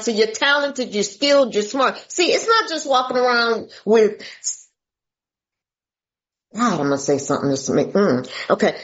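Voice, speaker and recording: A woman's voice: a little high, expressive, normal speed, fairly bright tone. Folksy woman speaker on a dull call. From Atlanta, US. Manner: folksy, emphatic, calls listeners "baby". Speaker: recovery meeting speaker. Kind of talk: sharing a recovery story.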